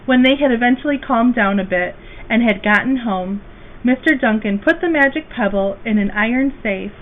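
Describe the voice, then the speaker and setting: Lady reading a kids story out loud, slow and gentle, kinda high voice, tinny phone-like sound with faint hiss. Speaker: guest reader. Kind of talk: children's storybook read-aloud.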